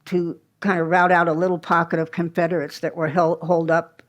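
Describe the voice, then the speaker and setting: A woman presents a history program to a live audience at a small museum. Her voice sits on the lower side, and she tells the story conversationally, stopping for asides and little restarts. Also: flat delivery, fairly quick.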